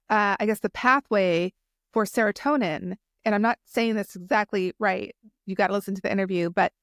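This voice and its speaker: A woman's voice: medium pitch, no echo, clean studio sound. A woman hosting a solo podcast, talking casually and enthusiastically, rambling with many restarts and fillers. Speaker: podcast host.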